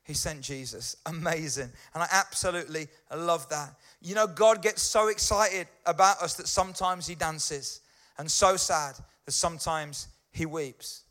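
A man preaching a friendly, chatty sermon in a fairly high voice, pausing to check in with his listeners. His tone is bright and forward. He sounds middle-aged. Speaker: pastor. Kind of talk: conversational sermon.

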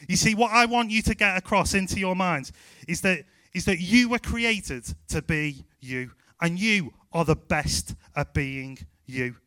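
A man with a Scouse accent preaching a lively, emphatic sermon as a pastor. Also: high voice, a little slow, dry recording. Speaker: youth pastor.

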